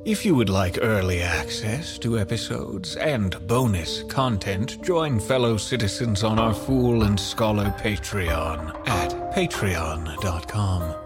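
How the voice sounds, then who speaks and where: Male podcast host, low voice, hushed outro, music behind. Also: slow, few pauses. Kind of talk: closing announcement.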